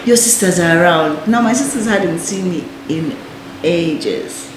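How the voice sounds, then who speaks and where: A woman telling her addiction recovery story as a podcast guest, animated and acting out other people's lines. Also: fairly low pitch, a little slow. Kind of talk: casual storytelling chat. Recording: echoey room with faint noise.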